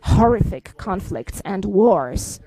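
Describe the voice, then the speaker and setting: A woman giving a live interpretation of a formal press statement. Her delivery is halting, broken up by frequent fillers and restarts as she keeps pace with the speaker. Her pitch sits in an ordinary middle register. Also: lively intonation, warm tone, husky, poor audio.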